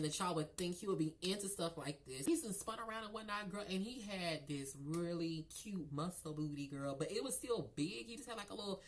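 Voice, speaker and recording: Man, casual storytime vlog, sassy, gossipy, chatty. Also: sits high. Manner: sassy, gossipy, addresses viewers as girl and y'all; animated with laughs and sudden loud outbursts. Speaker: storyteller vlogger.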